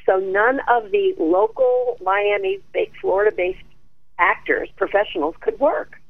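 A woman guest, an actress and speaker, telling her life story in an animated way and laughing often. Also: medium pitch, unhurried, creaky, no echo. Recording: tinny dry phone line.

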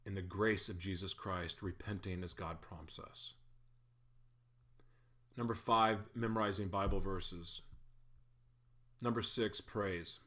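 A man's voice: on the low side, pushed and bright. A man in a casual spoken faith reflection, candid and self-deprecating, who chuckles often and stumbles over his words.

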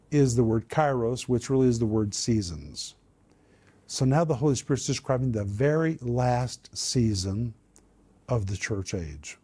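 Teaching about Bible verses and what words mean, a man with a medium-pitched, mellow voice and a breathy edge grows more emphatic on key points, raising his voice on the words that matter most.

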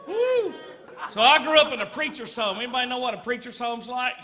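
Animated Southern comedian, very high voice. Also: male voice, quick pace, in a large hall. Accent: Southern American. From Georgia, US. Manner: animated storytelling, teasing the crowd. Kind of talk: stand-up comedy.

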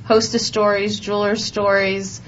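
A woman's voice: medium pitch, little pitch movement, moderate pace, slight background noise. A middle-aged woman hosting a casual chat show, chatty and jokey, poking fun at herself. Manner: chatty, jokey, self-mocking. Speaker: host. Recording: dull lo-fi sound.

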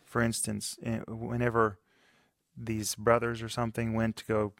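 A man with a mid-pitched voice co-hosts a talk show, reading out viewer questions. He speaks plainly and a little tentatively, and the sound is dry and close. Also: monotone, normal speed, gravelly, a bit bright, no echo.

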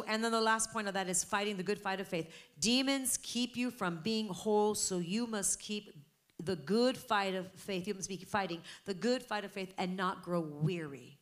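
A woman in middle age preaches a sermon from the pulpit. Her voice sits in a mid range and swells into loud, urgent emphasis. She addresses the congregation directly with rhetorical questions. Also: mid-range voice. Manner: preaching with rising, emphatic intensity. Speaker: pastor.

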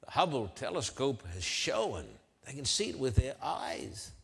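An older man delivers a sermon at a deliberate, unhurried pace, his voice sitting a little high. He leans on key phrases and repeats them for emphasis. His words ring out with the long reverb of a large hall. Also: sing-song, gravelly, fairly bright tone, breathy edge. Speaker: preacher.

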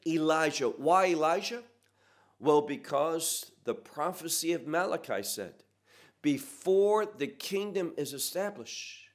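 A man teaching a sermon verse by verse, earnest and emphatic, asking the listeners rhetorical questions. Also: on the high side. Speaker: pastor. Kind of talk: expository Bible teaching.

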